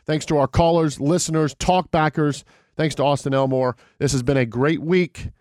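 A man hosting sports talk radio, interviewing a guest and signing off in a brisk, upbeat way. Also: on the high side, fairly even intonation, darkish tone, no echo, studio quality. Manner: brisk, upbeat sign-off delivery.

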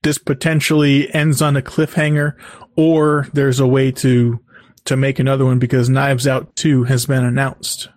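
A man co-hosting a podcast, chatting casually about movies in a measured, informative way. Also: mid-range voice, little pitch movement, darkish tone, dry recording, studio quality. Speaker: podcast co-host.

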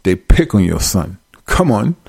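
A man's voice: fairly low pitch, big pitch swings, a little slow, vocal fry, darkish tone, breathy edge, no echo, studio quality. A man preaching informally, reading scripture aloud and commenting on it in an emphatic, slangy way. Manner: emphatic, slangy, acts out frightened voices. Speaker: street preacher.

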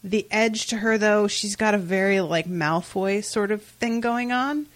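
A woman in loose podcast chatter, lively and quick to laugh. She swears freely and acts out lines from the episode in a mid-range voice. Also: medium pitch. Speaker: podcast co-host. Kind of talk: casual recap chat.

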